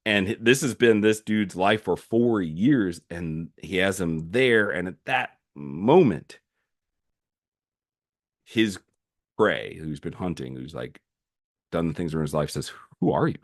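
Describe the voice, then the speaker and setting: A man's voice: deep voice, expressive, takes it slowly, pauses often. A man hosting a solo commentary podcast, recapping a series animatedly with frequent fillers and restarts. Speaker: podcast host.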